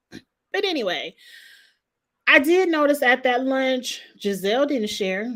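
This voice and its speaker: A woman's voice: high voice, animated, unhurried, a bit bright. A woman, hosting a casual reality TV recap and gossiping with sass. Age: 40s. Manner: gossipy, sassy, talks straight to the people she discusses.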